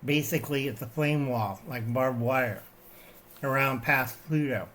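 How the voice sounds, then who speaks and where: A man's voice: medium pitch, unhurried, fairly bright tone, a little hiss or hum. An older man hosting his own channel, ranting in a digressive, satirical way, often tagging his lines with "okay?" while showing things to the camera. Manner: shows items to the camera while talking. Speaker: channel host. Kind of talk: rambling satirical rant.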